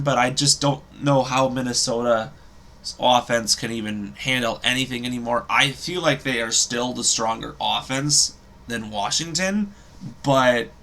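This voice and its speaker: Young male sports host, bright forward tone, hesitant and self-correcting, casual picks. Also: mid-range voice. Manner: rambling, hesitant, self-correcting with frequent ums.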